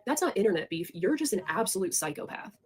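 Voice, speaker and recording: A woman's voice: medium pitch, sing-song, fast. A young woman in a heated, profane, rambling rant, addressing her viewers directly and confronting people. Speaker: online creator talking to viewers.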